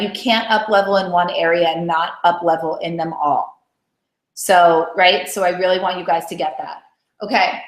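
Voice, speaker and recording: A woman coaching her weight-loss group on a live call, chatty and encouraging, often tossing in a "right?" to check in. Her voice sits at an ordinary middle pitch. The room around her adds a noticeable echo. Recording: roomy echo.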